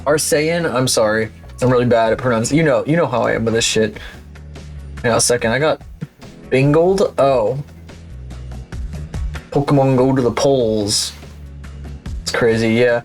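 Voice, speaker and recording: Young guy streaming, swears a ton, mutters names, middle pitch, a bit of music under him. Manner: profane, rambling, mumbles names aloud. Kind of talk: live-stream commentary while playing.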